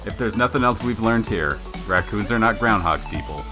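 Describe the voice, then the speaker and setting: A man in his thirties co-hosting a casual comedic chat, telling stories with lively acted-out quotes. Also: on the low side, moderate pace, over loud music. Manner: animated storytelling, acting out quoted voices. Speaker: podcast co-host.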